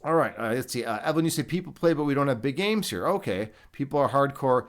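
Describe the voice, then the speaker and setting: A man hosts a livestream and talks casually to his chat. He rambles loosely and swears freely, in a mid-pitched, ordinary voice. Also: lively intonation, quick pace. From Chicago. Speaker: livestream host. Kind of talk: casual chat reading live comments.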